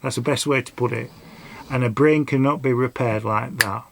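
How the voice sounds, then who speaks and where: A man's voice: medium pitch, steady tone, moderate pace, gravelly, noisy background. A middle-aged man, telling a rambling personal story and giving earnest advice in a casual vlog. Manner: rambling, earnest, dialect grammar. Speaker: vlogger.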